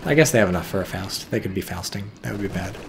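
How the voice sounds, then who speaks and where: A man giving casual, profane, excitable commentary on a strategy game match, with wry asides. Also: low voice, fast, creaky, background noise. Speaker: game caster.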